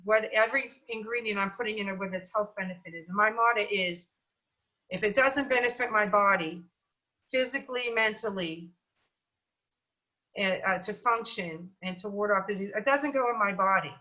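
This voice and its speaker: A middle-aged woman chatting as an interview guest, talking in an animated, storytelling way with plenty of fillers. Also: medium pitch, normal speed, muffled recording. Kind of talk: casual interview chat.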